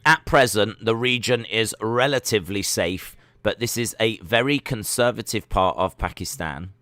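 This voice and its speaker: A man's voice: lowish voice, moderate pace, fairly bright tone, no echo. A man hosting a casual live watch-along stream, chatting and reading search results and chat messages aloud.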